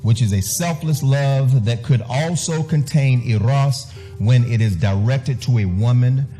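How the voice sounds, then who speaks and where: A man's voice: mid-range voice, measured pace, mellow, faint music behind. A man preaching a sermon emphatically, repeating key words and phrases for stress. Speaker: pastor.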